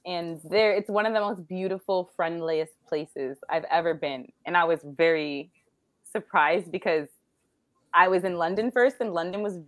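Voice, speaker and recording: A young Canadian woman with a Canadian accent, chatting quickly and laughing often as an English tutor on a video call. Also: on the low side, fairly even intonation, a bit bright, no room sound. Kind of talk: casual chat on a video call.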